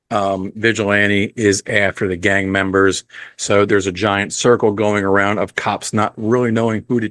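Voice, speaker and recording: A man's voice: fairly low pitch, a bit bright, no room sound. A man hosting a podcast, giving a casual, rambling film review full of ums and blunt profanity. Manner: unhurried, rambling with frequent ums.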